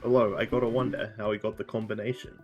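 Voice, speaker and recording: A man's voice: lowish voice, level tone, fast talker, dull audio, faint music behind, close to an everyday voice. A man voicing a shifty saloon owner and con man, with a put-on Old West drawl, smug and evasive, in a murder mystery role-play. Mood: defensive.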